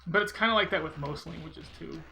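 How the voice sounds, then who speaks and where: Gravelly, bright-voiced male game streamer. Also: a little high, quick pace, soft background music, low-quality recording. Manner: rambling and chatty, reads chat aloud. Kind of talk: casual gameplay commentary.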